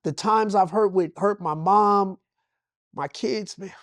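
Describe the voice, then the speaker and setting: Speaking slowly in a high, fairly bright voice, a man from Los Angeles shares his life story as an interview guest. He's passionate, preaching in bursts and circling back to repeated phrases during this emotional, personal conversation. The recording is dry.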